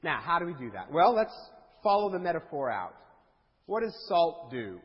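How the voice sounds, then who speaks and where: A man with a high voice preaches a sermon in a church, joking with the congregation between points. His voice rings with a long hall reverb, and the recording sounds dull and muffled. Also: big pitch swings, moderate pace. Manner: humorous, conversational preaching with playful asides. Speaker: pastor. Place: church sanctuary.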